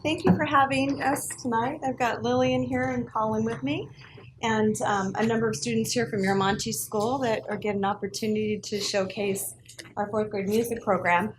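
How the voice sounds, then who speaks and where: A woman's voice: on the high side, fairly even intonation, normal speed. Friendly woman presenter over room noise. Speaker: school music program presenter. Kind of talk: presentation at a board meeting. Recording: audible background noise in a meeting room.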